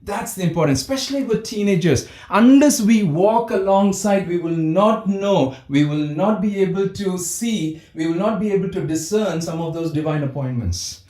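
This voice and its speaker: A man delivers a parenting talk in an emphatic way, driving points home by saying them again. His voice sits a little high. The room adds a clear echo around him. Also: lively intonation, normal speed, hardly any pauses, a little mellow. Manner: emphatic, repeats key phrases. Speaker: parenting speaker.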